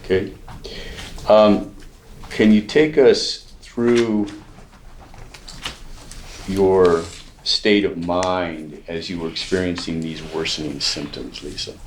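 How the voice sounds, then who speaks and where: Very deep-voiced man questioning a witness. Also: steady tone, slow pace, long pauses, a little hiss or hum. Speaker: attorney. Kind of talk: direct examination. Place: courtroom.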